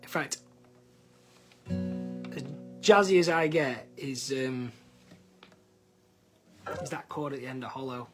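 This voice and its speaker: Speaking slowly at medium pitch and pausing often, a man who is a singer-songwriter chats with viewers on a live stream from his living room. He greets people by name as he reads them out, hesitant and full of ums, while guitar sounds in the background.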